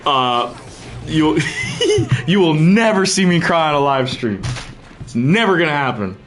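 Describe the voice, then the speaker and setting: A man's voice: on the high side, sing-song, unhurried, fairly bright tone. A man streaming a game, chatting casually with his audience and friends in a rambling way full of fillers and restarts. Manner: talks to chat and friends, laughs often. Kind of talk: casual livestream chat while gaming.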